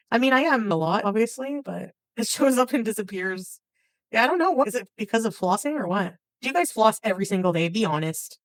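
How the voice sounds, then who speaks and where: A woman's voice: medium pitch, no room sound, low-quality recording. A woman livestreaming, chatting casually with her viewers and often laughing. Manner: chatty, reacts to chat names, laughs often. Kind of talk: casual chat with live viewers.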